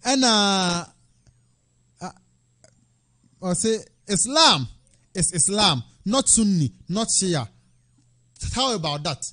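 Male presenter, high voice, animated preaching, bursts of shouting. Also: drawn-out words, long pauses. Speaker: Islamic radio presenter. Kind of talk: religious talk show.

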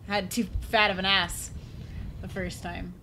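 A woman's voice: medium pitch, little pitch movement, a little slow, sharp tone, a little hiss or hum. A woman commenting on a game as she plays it, jumpy and profane, breaking into laughter often. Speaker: let's play gamer. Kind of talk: live gameplay commentary.

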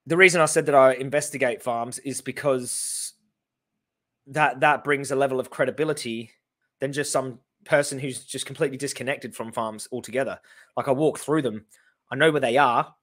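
A man in his thirties with an Australian accent, reacting to his own TV debate with animated, sarcastic commentary. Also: mid-range voice, normal speed. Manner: animated, sarcastic, laughing in disbelief.

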